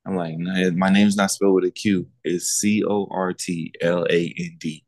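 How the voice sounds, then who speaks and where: A man's voice: moderate pace, hardly any pauses, no echo. A man co-hosting a podcast, telling stories in casual chat and mimicking other people in raised voices. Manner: animated storytelling, mimics others in high voices. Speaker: podcast co-host.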